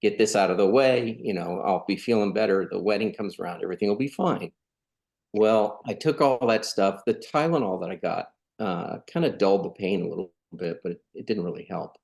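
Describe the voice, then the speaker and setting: A middle-aged Californian man, guesting on a podcast, tells a personal story in a casual, earnest, conversational way and acts out the quoted dialogue. His voice is fairly low and brisk, with vocal fry and a darkish tone.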